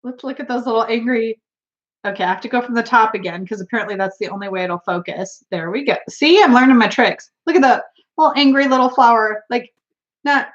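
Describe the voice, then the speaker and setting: A woman's voice: a little high, fairly quick, dull audio. A woman hosting a casual tarot live stream, chatty and giggly, reading out viewer comments, with a runny nose. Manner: giggly, chatty, laughs often. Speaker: tarot livestream host.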